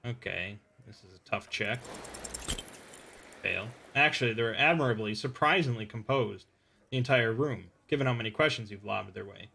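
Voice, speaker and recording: A man hosting a let's play, reading game text aloud and switching into gruff shouted character lines. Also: lowish voice, moderate pace, a little hiss or hum.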